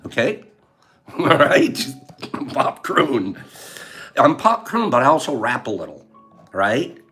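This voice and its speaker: A man's voice: mid-range voice, sing-song, slow pace, bright, forceful tone. An older man hosting a casual live chat, playful and joking, laughing often and reading out viewers' answers. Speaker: livestream host.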